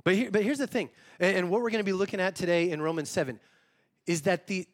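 Guy pastor, kinda high voice, preaching real casual and joking about himself. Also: fast. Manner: informal, self-deprecating, talks straight to the congregation. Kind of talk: conversational sermon.

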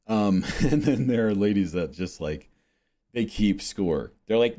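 A man's voice: lowish voice, expressive, unhurried, warm tone. A man hosting a podcast in a rambling casual monologue, meandering and swearing with self-mocking chuckles. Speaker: podcast host.

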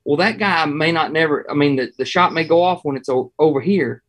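A Southern-accented man from Georgia talks in a fairly high, bright voice for a man. He spins hunting yarns with a folksy, animated delivery and chuckles through them, in a relaxed interview chat. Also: a little fast, husky. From Georgia, USA. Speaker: hunting guest. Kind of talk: casual interview storytelling.

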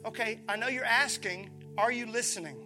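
A pastor from preaching a sermon, animated, acting out voices and calling on his listeners. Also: high voice, brisk, over music. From Mississippi, USA. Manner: animated, acts out voices, calls on the congregation.

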